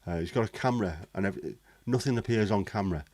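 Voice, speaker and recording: A man's voice: fairly low pitch, fast, a little mellow, no room sound. A man chatting casually on a livestream, blunt, sweary and cynical. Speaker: livestream host. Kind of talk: casual chat.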